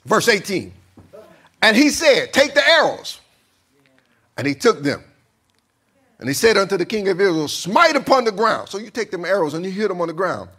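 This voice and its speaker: A man's voice: high voice, animated, a little fast, pauses often, a bit bright, husky. A man preaching a sermon as pastor, acting out a king's confused voice and talking back and forth with his congregation.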